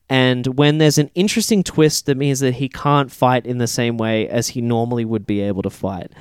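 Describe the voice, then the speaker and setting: A man co-hosting a film podcast in casual chat, animated and ranting, swearing freely. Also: mid-range voice, clean tone, no room sound, studio quality. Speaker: podcast co-host.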